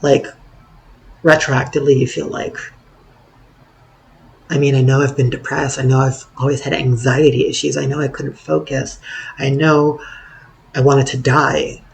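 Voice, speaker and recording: Slow, hoarse, gravelly young man rambling. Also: mid-range voice, flat delivery, slight background noise. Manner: meandering, self-deprecating, wry. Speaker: vlogger. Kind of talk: rambling personal storytelling.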